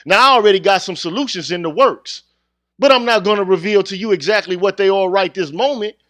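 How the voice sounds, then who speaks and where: On his own channel, a man rants bluntly to viewers in street slang, heated and confrontational in a casual monologue. His voice sits high with a fairly bright tone, he talks fairly quickly, and there's no echo.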